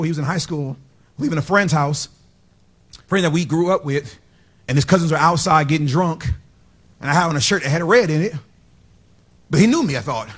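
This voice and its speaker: A middle-aged man preaches from the pulpit. His voice sits high for a man and sounds husky. He swings from loud, shouted praise down to quiet, hushed storytelling. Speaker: pastor. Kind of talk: sermon. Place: church sanctuary.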